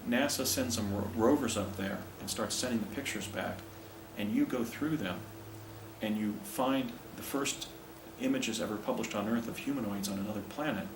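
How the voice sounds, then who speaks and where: An older man voicing his father as a calm, matter-of-fact dad speaking to his son. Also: fairly low pitch, noisy background, close to an everyday voice. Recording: echoey room, distant mic.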